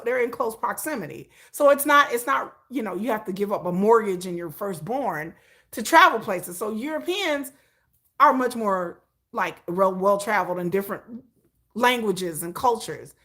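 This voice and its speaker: A woman hosting a casual livestream, animated and opinionated, often breaking into laughter. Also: medium pitch, moderate pace. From United States. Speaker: livestream host.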